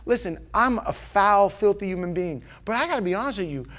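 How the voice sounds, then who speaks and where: A male preacher from New York with a fairly high voice, delivering a sermon. He is animated and playful, acting out voices and jokes as he goes. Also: brisk.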